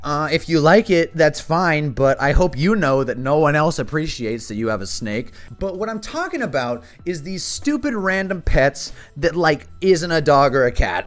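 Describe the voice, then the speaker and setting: A man vlogger ranting to camera in an exasperated, animated way, swearing often. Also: fairly high pitch. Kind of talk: casual comedic rant to camera.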